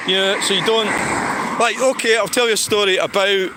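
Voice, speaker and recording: A man's voice: high voice, steady tone, fairly quick. Rambling sweary Scottish man outdoors. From Scotland. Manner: rambling, sweary, talks back to chat. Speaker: livestreamer. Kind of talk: casual walking livestream chat. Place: outdoors on a town street. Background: street traffic noise.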